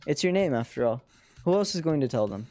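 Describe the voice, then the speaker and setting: A game streamer reading the part of a caring immigrant mother in an earnest, gentle way. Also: mid-range voice, expressive, quick pace, pitched above the performer's own voice, lightly acted.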